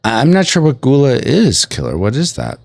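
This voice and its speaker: A man's voice: mid-range voice, fairly quick, gravelly, no echo, clean studio sound. A man hosting a podcast stream, chatting casually and jokingly as he reads the live chat while playing a game. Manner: animated, jokey, breaks into a mock accent.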